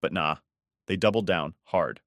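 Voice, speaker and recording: A man's voice: sits low, moderate pace, fairly bright tone, no room sound. A man narrating a first-person story in a conversational, exasperated way.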